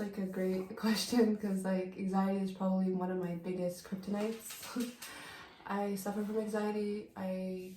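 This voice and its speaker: A woman's voice: mid-range voice, a little mellow. A young woman talks in a loose, chatty way and fills her sentences with "like". Her voice carries a roomy echo, with a faint hiss of noise underneath. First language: Vietnamese. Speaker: vlogger, wife. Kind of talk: casual Q&A chat. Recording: echoey room.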